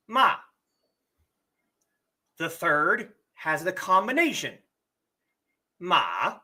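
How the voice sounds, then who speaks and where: Livestream lesson host, slow deliberate delivery, lively swooping pitch, bright tone, frequent throat clearing, a bit hoarse. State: slightly hoarse from a cough.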